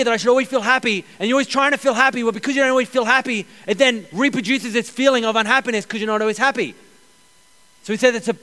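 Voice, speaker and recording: A man preaching a sermon as pastor, energetic, repeating key phrases and joking with the congregation. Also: very high voice. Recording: long hall reverb.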